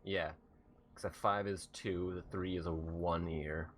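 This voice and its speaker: Slow, low-voiced male game master. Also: a little hiss or hum. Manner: relaxed, halting, many fillers. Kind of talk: narrating a tabletop game.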